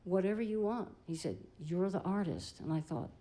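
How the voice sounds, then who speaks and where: An older woman, a blues singer and guitarist, telling an animated, chatty story between songs on a live-stream stage, laughing easily. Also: lowish voice, moderate pace, rough recording.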